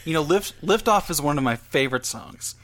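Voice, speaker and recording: A man co-hosting a podcast in casual joking chat, deadpan with wry asides. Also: a little high, fairly quick. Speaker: podcast co-host.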